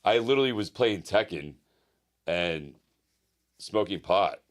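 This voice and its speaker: A man's voice: sits low, lively intonation, measured pace. A middle-aged man, a personal trainer co-hosting a podcast, telling rambling stories in casual chat with lots of restarts and fillers.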